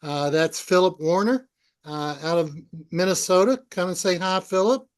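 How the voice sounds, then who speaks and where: A man's voice: high voice, normal speed, clean tone. A man introducing his students on a group video call, earnest, with many "uh" fillers. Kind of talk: casual chat.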